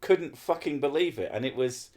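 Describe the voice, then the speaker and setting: A man's voice: mid-range voice, expressive, normal speed, darkish tone. Sweary man ranting casually. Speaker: podcast host. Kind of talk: casual chat.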